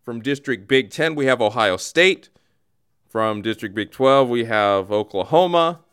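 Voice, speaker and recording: Lively, animated male comedy host. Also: mid-range voice, unhurried, smooth. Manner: animated, jokey delivery. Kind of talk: comedic podcast chat.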